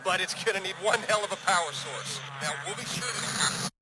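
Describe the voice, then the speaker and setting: A man's voice: high voice, lively intonation, brisk, heavy background noise. A man voicing a businesslike male headquarters operator giving instructions to stranded crew.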